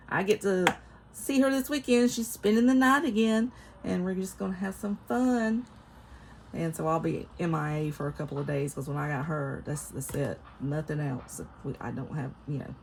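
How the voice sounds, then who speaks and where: A middle-aged woman with a Southern US accent, chatting casually to camera as a vlogger, folksy and quick to laugh. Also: deep voice, creaky, a little hiss or hum. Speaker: vlogger reviewing a Bible study.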